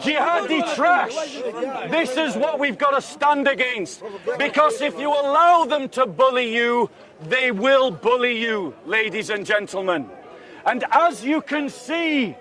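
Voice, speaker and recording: Man, very high voice, street speaker shouting to a crowd, heard from a distance outdoors. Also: animated, unhurried. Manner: shouts repeated accusing questions to a crowd. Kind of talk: open-air debate speech. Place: outdoor park speaking area. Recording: distant mic, crowd around.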